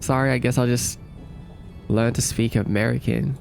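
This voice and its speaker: A man's voice: mid-range voice, fairly even intonation, normal speed, vocal fry, a little mellow, soft background music. A young man with an Australian accent hosting a casual livestream, reading viewer comments aloud and answering them in a playful, easygoing way. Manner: playful and easygoing, answers chat with light joking.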